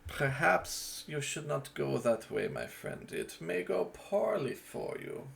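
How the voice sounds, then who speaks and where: Man doing a grave stranger for a tabletop game, slow and measured, with a gravelly edge. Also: a little high, animated, voice pushed up, heavily acted. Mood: warning. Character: cautious male stranger giving a warning.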